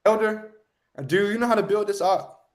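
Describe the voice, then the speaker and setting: A man's voice: sits high, steady tone, moderate pace. A man leading an online scripture lesson, preaching emphatically and often tagging lines with "man". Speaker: lesson teacher.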